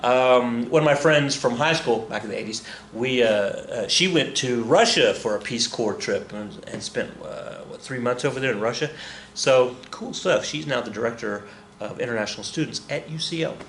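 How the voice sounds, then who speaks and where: A man's voice: medium pitch, moderate pace, fairly bright tone, reverberant. A man in his fifties teaching a casual history lesson, chatty and joking, with frequent self-corrections.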